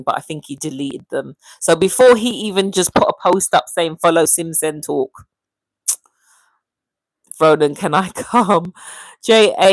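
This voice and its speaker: A woman hosting a casual livestream, chatting and reading viewer comments aloud in a lively, animated way. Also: low voice, no room sound, poor audio. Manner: chatty and animated, often calling out viewers' names. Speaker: livestream host.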